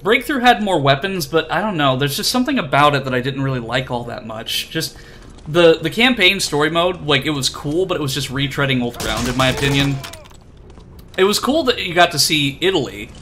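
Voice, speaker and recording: A man's voice: fairly high pitch, expressive, fairly quick, a bit bright, slight background noise. A man streaming a video game, chatting casually in a rambling, self-deprecating way with lots of fillers. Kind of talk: casual chat while playing.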